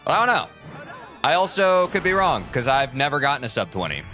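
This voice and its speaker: A man's voice: medium pitch, big pitch swings, brisk, pushed and bright, faint music behind. A young man streaming a speedrun, chatting casually with his viewers, answering their messages and swearing freely. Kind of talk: casual live-stream chat while playing.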